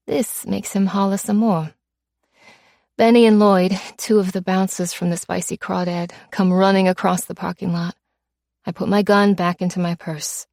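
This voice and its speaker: A woman narrating an audiobook in first person, steady and measured, tough and menacing in the dialogue. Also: fairly low pitch, creaky, dry recording, clean studio sound.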